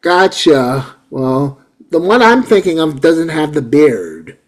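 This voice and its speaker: A man in his forties hosts a casual chat in a fairly high voice that rises and falls a lot. He gets excited easily, rambles and repeats himself. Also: takes it slowly. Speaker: host.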